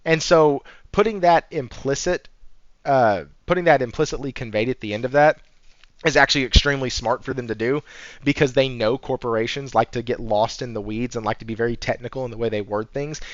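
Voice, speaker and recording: A man hosting a casual gaming news podcast, talking in an animated, profane, sarcastic way and laughing often. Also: mid-range voice, no room sound. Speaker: podcast host. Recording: dry, slightly dull audio.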